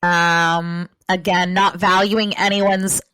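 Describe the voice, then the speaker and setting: A woman's voice: lowish voice, level tone, slow pace, bright, forceful tone, slight background noise, poor audio. A woman talking as a podcast guest in a casual chat, rambling with lots of fillers. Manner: chatty, rambling, with many fillers.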